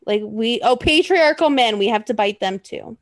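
A woman's voice: a little high, animated, normal speed, dry recording. A woman co-hosting a casual chat, rambling and joking, swearing freely. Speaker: podcast co-host.

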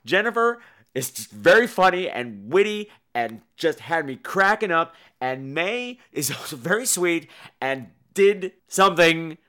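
A man hosting a horror podcast, telling stories in a campy, animated, joking way. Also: smooth. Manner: animated, campy, bursts into shrill imitations. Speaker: podcast host. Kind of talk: casual comedic horror movie chat.

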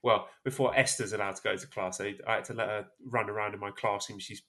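A man's voice: lowish voice, fairly even intonation, quick pace, a bit bright. A man in his thirties hosting a podcast, chatting casually in a rambling, self-mocking way. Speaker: podcast host.

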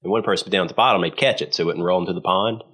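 A very deep-voiced man with a drawl, chatting at a quick clip. He tells family stories in a folksy, laid-back way. His talk stays casual and relaxed. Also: slightly rough. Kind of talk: casual chat, storytelling.

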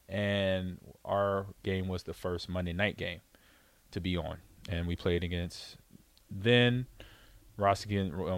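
A man's voice: low-pitched, no echo. A middle-aged man, a former pro football player, telling a story in a casual way, acting out the voices of others and laughing often. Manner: animated, acts out quoted voices, laughs often.

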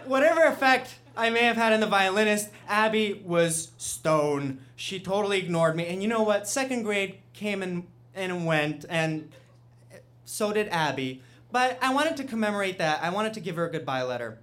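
Animated male storyteller on a stage. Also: high-pitched, normal speed. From Russia. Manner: animated, self-mocking, builds to loud punchlines. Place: theater stage before an audience.

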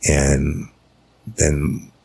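A very deep, low-rumbling middle-aged man tells a police story in a flat, even delivery. His talk is blunt and profane, and he acts out each side of the conversation. The sound is dry and close, with no room around it. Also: drawn-out words, gravelly, slightly rough, no echo. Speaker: retired detective recounting a case. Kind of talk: casual storytelling.

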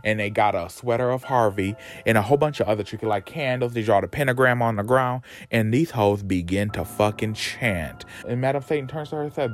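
A man's voice: mid-range voice, a little fast, hardly any pauses. A man giving a campy, sassy, profane recap of a TV show. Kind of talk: casual TV recap. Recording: music playing under voice.

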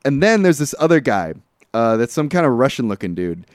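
A man in mid pitch retells a film's plot at length as a podcast co-host, rambling and swearing, with bursts of disbelief. His voice sits close and dry against the mic, with no room around it. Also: a little fast, no echo. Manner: rambling, profane, animated retelling. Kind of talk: casual movie recap chat.

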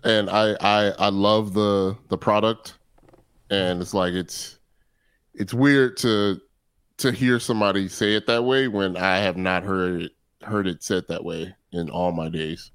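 A man's voice: sits low, fairly even intonation, unhurried, a bit bright, clear, resonant tone, no room sound. A man hosting a podcast, teasing a co-host in casual chat, often stumbling and restarting his sentences.

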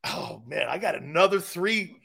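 A man's voice: high-pitched, lively intonation, normal speed, creaky, pushed and bright, slightly rough, full character voice. A man voicing a dazed, stoned young extreme-sports athlete who drawls and repeats himself. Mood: dreamy.

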